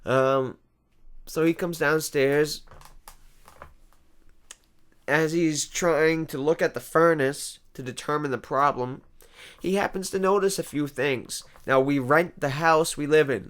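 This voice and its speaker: A man hosting a comedy vlog, ranting in a rambling, exasperated monologue that swings between loud outbursts and quiet asides. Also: a little high, measured pace.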